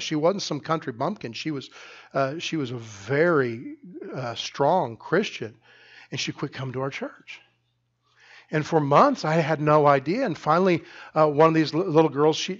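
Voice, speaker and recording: Animated preaching man, slightly high voice. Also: lo-fi sound. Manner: animated storytelling with many restarts. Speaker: pastor. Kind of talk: sermon. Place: church sanctuary.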